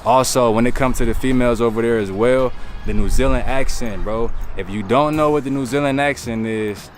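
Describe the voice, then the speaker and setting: A man's voice: medium pitch, brisk. A man vlogging outdoors in the wind, talking in a laid-back, slangy way and tossing in "bro" and "man". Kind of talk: casual talking-to-camera vlog. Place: outdoors, windy.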